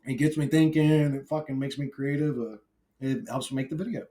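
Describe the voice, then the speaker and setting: A man ranting alone to camera in a vlog, brash and profane, swinging from shouted outbursts to low mumbled asides; he says he is high while filming. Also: fairly even intonation, fairly quick. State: intoxicated. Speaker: YouTuber.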